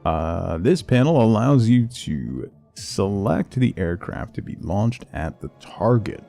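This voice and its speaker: A man streaming a game, reading the tutorial text aloud in a flat, exhausted, yawning way. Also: vocal fry. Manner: flat, low-energy delivery.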